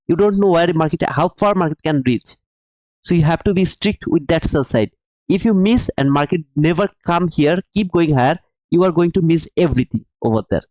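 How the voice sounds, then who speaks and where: A man's voice: fairly high pitch, a little fast, darkish tone, dry recording, low-quality recording. A man hosting a live trading stream who explains the market emphatically, repeats his points and calls his viewers brother while answering the chat. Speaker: livestream trading host.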